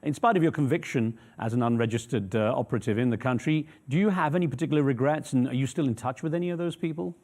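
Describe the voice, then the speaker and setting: Fast-talking male news interviewer. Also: mid-range voice, a little mellow. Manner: probing, measured questions.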